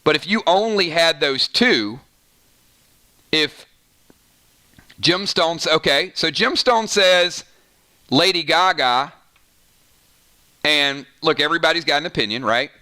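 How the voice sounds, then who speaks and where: Guy chatting on a livestream, reads out chat, bright slightly high voice, lots of "right?". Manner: chatty and animated, quick asides, frequent "right?". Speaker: host of a gaming channel livestream. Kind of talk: casual livestream chat reading viewer comments.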